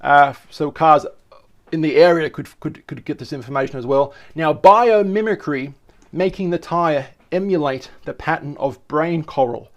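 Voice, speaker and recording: Excitable man chatting through a video. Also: fairly high pitch, moderate pace, muffled recording. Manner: enthusiastic, rambling, self-correcting. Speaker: video host. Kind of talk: casual commentary.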